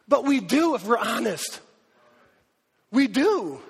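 A man's voice: extremely high pitch, very animated, unhurried, pauses often, in a large hall. A man preaching a sermon as pastor, impassioned, who acts out the voices he quotes and chokes up at times.

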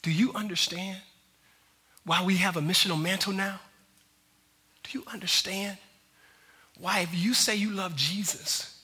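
A man preaching a sermon as a pastor, swinging from hushed intensity to loud, fervent delivery. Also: high-pitched, steady tone, measured pace, long pauses, breathy edge.

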